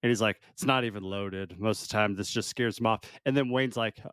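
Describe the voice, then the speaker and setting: A man's voice: on the low side, brisk, a bit bright, clear, resonant tone, no echo, clean studio sound. A young adult man co-hosting a casual movie review chat, chatty and laughing often, leaning on the word "like.". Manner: chatty, laughing often, uses filler "like" a lot. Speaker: podcast co-host.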